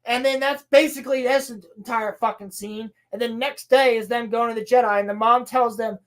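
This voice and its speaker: Her fairly high, fairly even voice carries a profane, fed-up rant as this podcast co-host recaps a show, quickly acting out quotes along the way.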